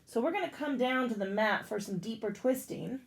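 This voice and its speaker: A woman's voice: on the high side, animated, normal speed, creaky, a little hiss or hum. Casual, swearing woman yoga teacher in an echoey room. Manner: casual and profane, with blunt joking rants. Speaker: yoga instructor. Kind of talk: guided yoga class instruction.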